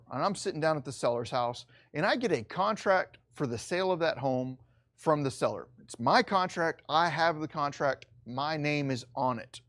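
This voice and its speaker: A middle-aged man teaching a recorded real estate lesson, explaining step by step and slowing down to stress key points. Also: fairly high pitch, fairly bright tone.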